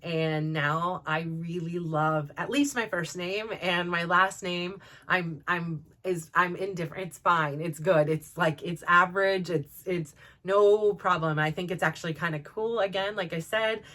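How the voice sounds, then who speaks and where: A woman hosting a personal vlog, telling stories in a chatty, animated way with lots of "like" and laughter. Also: lowish voice, unhurried. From Russian heritage. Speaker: vlog host. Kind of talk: casual personal storytelling.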